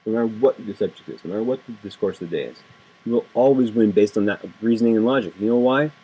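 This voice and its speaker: A man's voice: lowish voice, fast talker, dark tone, slightly rough, poor audio. A man delivering an impassioned, indignant political rant to camera, repeating phrases for emphasis. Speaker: political video blogger. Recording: home webcam video.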